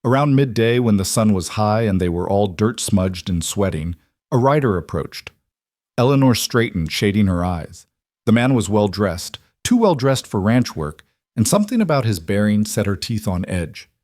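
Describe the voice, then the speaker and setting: A man narrating a scripted story in an even, measured way. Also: lowish voice, no room sound, clean studio sound.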